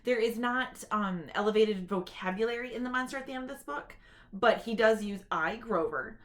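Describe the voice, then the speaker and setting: A woman's voice: a little high, steady tone. Woman talking to camera about reading to kids, chatty, explains as she goes. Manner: chatty and explanatory, with quick read-aloud demonstrations. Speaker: parent sharing reading tips. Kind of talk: informal talk to camera.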